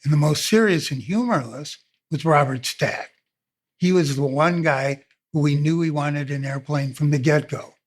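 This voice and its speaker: A man narrating his own memories for an audiobook in a relaxed, unhurried way. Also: on the high side. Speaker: filmmaker. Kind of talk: oral-history audiobook narration.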